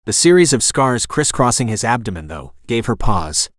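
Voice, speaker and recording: A male audiobook narrator who reads at a steady, even tone. His voice sits at a mid pitch, and the recording is dry and close, with almost no room sound. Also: normal speed, dry recording. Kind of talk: scripted narration.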